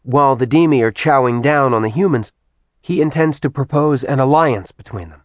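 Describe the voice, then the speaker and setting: A man's voice: mid-range voice, moderate pace, dry recording, voice pushed up, natural voice. A man voicing a determined young woman who briefs her team. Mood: brisk.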